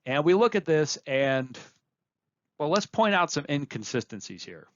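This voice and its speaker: A man's voice: mid-range voice, a bit bright, no room sound, muffled recording. A man giving a recorded course lecture, explaining points plainly and repeating key phrases for emphasis.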